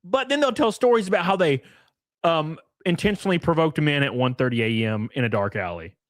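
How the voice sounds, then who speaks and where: A man's voice: fairly high pitch, animated, brisk, no room sound, studio quality. A man hosting a live stream, reacting to a clip with sarcastic, profane mockery. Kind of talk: casual live stream commentary.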